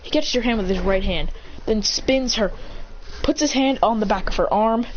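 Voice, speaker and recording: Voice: mid-range voice, moderate pace, dull audio, a little hiss or hum. A storyteller eagerly retelling an improvised fan-fiction tale in tumbling run-on sentences, full of restarts and gasps.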